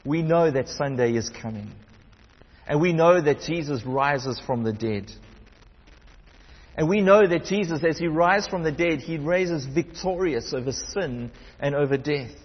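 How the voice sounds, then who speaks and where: A man preaching a sermon, reading scripture aloud and swinging between raised emphasis and hushed, quiet passages. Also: a little high, animated, unhurried, husky, in a large hall, lo-fi sound. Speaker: pastor.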